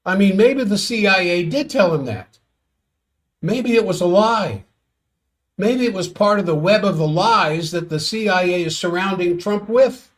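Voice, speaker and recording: A man hosting a solo world-affairs commentary stream, sardonic and exasperated as he reads out quotes and reacts. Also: high-pitched.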